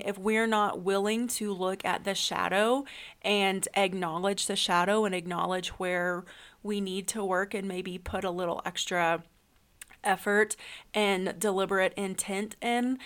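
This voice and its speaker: Speaking in a clean, mid-range voice, a woman gives a podcast-like solo talk on spiritual self-help. She earnestly asks the listener question after question, leaning on um and you know.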